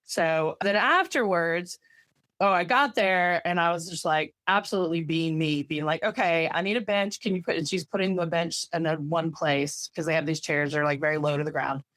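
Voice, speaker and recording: Low-voiced woman telling rambling stories. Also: normal speed, fairly bright tone, no echo. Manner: rambling storyteller, lots of "like", swears casually. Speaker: podcast co-host. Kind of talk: casual chat.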